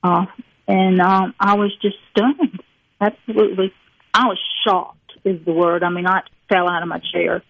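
A woman's voice: lowish voice, level tone, normal speed, creaky, no room sound. Folksy older Mississippi woman on a dull line. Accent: Mississippi Southern. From rural Mississippi. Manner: rambling, folksy, laughs often. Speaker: author guest. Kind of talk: casual interview chat.

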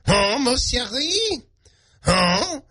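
A man's voice: extremely high pitch, sing-song, pushed and bright, voice pushed up, heavily acted. A man putting on a mock French accent, playing a fussy French waiter offering wine as a comic radio bit. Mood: smarmy. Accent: put-on French. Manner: drawn-out, fussy, mock-continental.

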